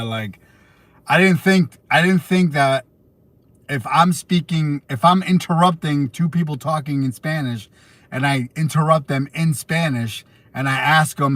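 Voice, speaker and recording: A man's voice: fairly high pitch, a little slow, fairly bright tone, no echo. A young American man chatting casually on a livestream, answering viewer questions in a rambling way full of fillers and restarts. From United States. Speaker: livestream host.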